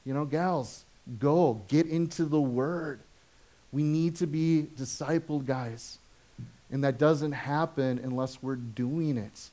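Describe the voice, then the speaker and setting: Taking his time, a pastor and father preaches in a conversational way, regularly putting questions to the congregation. He's animated in his stories and soft and low in his asides.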